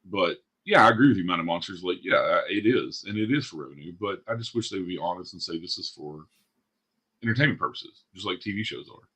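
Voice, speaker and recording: Fast-talking husky man ranting bluntly. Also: low voice, expressive, a bit bright. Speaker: podcast host. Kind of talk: casual chat.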